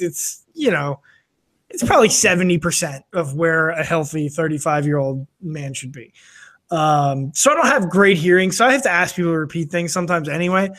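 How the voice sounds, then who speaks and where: A man in his thirties with a rather high voice, co-hosting a casual chat. He tells self-deprecating stories and laughs easily at his own awkwardness. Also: fairly bright tone. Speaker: podcast co-host.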